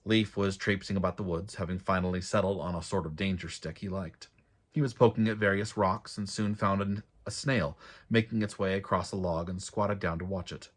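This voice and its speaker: A man, an author, reading his own fantasy novel aloud in a steady, measured way. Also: low voice.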